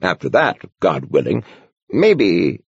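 A man voicing a croaky, mumbling male monk in his eighties who is nearly blind. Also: low voice, huge pitch swings, slow, dry recording, dull audio, heavily acted. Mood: absorbed. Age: 80s. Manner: mumbling, absorbed, talks to himself.

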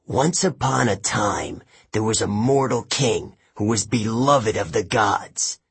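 A husky man reading a sneering, cruel old king in an audiobook. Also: on the low side, slow pace, exaggerated voice. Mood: sinister storytelling. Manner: menacing, sneering storyteller. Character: cruel, scornful ancient male king turned camp director.

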